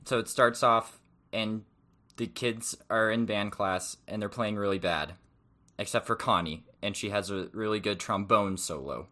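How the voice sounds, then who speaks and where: A man's voice: fairly low pitch, measured pace, sharp tone. A young man co-hosting a podcast, summing up the plot in casual, jokey chat. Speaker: podcast co-host.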